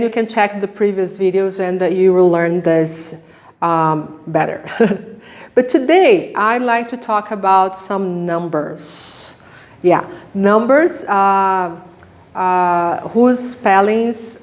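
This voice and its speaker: A woman teaching English pronunciation, modelling each sound slowly and asking the listener to repeat after her, laughing now and then. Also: mid-range voice. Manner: drawn-out sounds, laughs often, asks you to repeat. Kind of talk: slow, careful pronunciation lesson.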